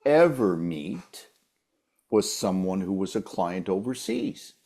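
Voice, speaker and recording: A man with a low, slow voice appears as a guest voice-over coach, offering casual advice. He delivers it animatedly, performing the voices he quotes.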